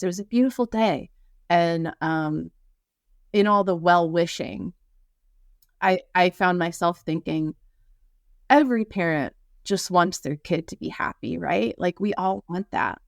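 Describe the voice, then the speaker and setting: A woman's voice: on the low side, no echo. Reflective woman author, dry close sound. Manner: reflective, earnest, with frequent fillers and restarts. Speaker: author and podcast guest. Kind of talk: conversational interview and reading aloud from her book.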